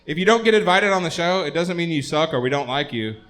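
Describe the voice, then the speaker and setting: Man, comedy show host, higher voice, crude, joking, loose delivery. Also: animated, quick pace, a bit bright. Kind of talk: live comedy show hosting.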